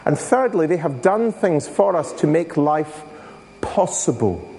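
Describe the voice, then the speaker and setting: Guy doing a school assembly, slightly high voice, hall echo all around. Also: a little mellow, a little hiss or hum. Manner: storytelling, addresses audience with questions. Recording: long reverb of a hall.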